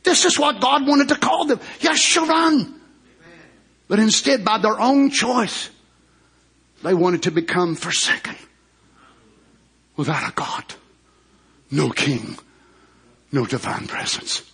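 A man preaching a sermon as pastor, who swings between shouted climaxes and low hushed asides and draws out emphatic words. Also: very animated, slow pace, long pauses, breathy edge.

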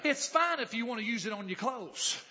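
A man preaching a revival sermon, telling a story and rising to shouted exclamations. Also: extremely high pitch, expressive, brisk, muffled recording.

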